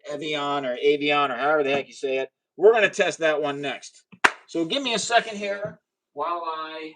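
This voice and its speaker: A man hosting a casual livestream of chemistry experiments. He chats with viewers and cheers loudly when a result goes his way. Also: on the high side, poor audio. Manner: chatty and excitable, talks to viewers, cheers at results. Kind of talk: casual live science demo.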